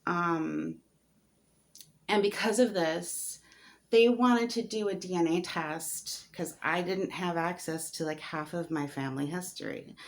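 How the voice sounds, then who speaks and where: Woman vlogger, low voice with vocal fry, hesitant candid storytelling. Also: unhurried. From United States. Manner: hesitant and candid, many fillers, laughs while talking. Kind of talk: personal story vlog.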